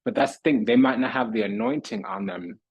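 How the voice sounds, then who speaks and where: Man, tarot reader, preachy, repeats himself in rhythmic lists, husky voice, dry close sound. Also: medium pitch, very animated, brisk, no room sound, rough recording. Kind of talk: spiritual tarot reading monologue.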